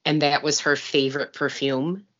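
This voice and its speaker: A woman's voice: low voice, level tone, normal speed, fairly bright tone, dull audio. A woman in her forties co-hosting a podcast, chatting casually with wry, blunt asides and telling a personal story. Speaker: podcast co-host.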